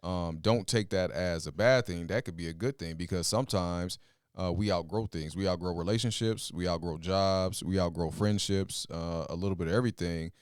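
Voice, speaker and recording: A man with a very low, smooth and resonant voice gives earnest life advice on a podcast. He talks in a steady, advising way with filler pauses. The sound is dry and close. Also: dry recording. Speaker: podcast co-host, father. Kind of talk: casual advice talk.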